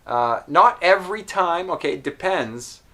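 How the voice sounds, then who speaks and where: A man teaching an English pronunciation lesson, patient and clear, with frequent ums and spoken demonstrations of sounds. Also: a little high, animated, measured pace, pushed and bright.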